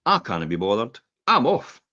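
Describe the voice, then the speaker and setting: Scottish man, middle-aged, low-ish voice with a lively, swooping delivery; rambling anecdotal podcast chat on a dull lo-fi recording. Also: normal speed, no room sound. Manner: rambling, animated storyteller who acts out quotes. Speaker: podcast co-host. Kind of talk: casual chat, anecdotal storytelling. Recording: dull, slightly lo-fi podcast audio.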